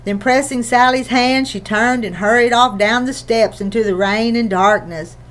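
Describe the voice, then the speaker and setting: A woman narrating a children's novel in a gentle, even storytelling manner. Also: a little high, moderate pace. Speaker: audiobook reader.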